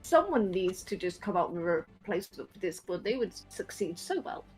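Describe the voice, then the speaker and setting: A woman's voice: medium pitch, big pitch swings, a little fast, a little mellow, poor audio. A woman player chatting casually on a tabletop game call about tech troubles.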